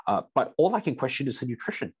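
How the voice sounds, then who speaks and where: A man's voice: mid-range voice, sing-song, fast talker, slightly rough, no echo. A man giving a seminar lecture as a strength coach, telling a story about a client to his audience. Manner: storytelling, addresses audience as "you guys".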